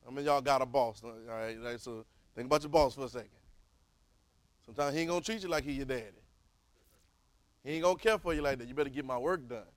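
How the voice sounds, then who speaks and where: A man's voice: mid-range voice, fast, long pauses, no room sound, rough recording. Man preaching to a Bible class. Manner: call-and-response, swings from soft to loud, repeats words.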